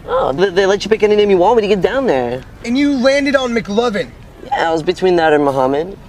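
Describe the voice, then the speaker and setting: High-voiced teen boys, rapid crude teasing, film clip, faint street noise. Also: male voice, sing-song, a little mellow. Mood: mocking. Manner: fast, crude teasing banter. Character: teen boys mocking a friend's fake ID.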